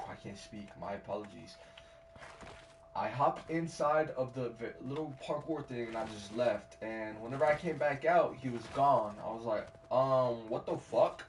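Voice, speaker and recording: While streaming a game, a man tells a rambling, slangy, profane story in casual chat. His mid-range voice comes at a moderate pace through a distant mic with faint noise.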